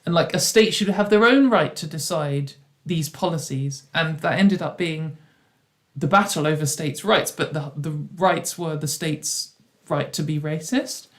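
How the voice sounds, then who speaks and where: Speaking at a measured pace in a low voice, a woman hosts a relaxed livestream chat on a video call. Her talk wanders with many restarts, and she drops into ironic quoted voices now and then.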